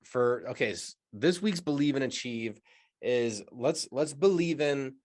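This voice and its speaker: A man's voice: medium pitch, animated, measured pace, darkish tone. A man co-hosting a podcast who gives a reflective, encouraging closing segment and often stops and restarts his sentences. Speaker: podcast co-host. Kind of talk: casual podcast segment wrap-up.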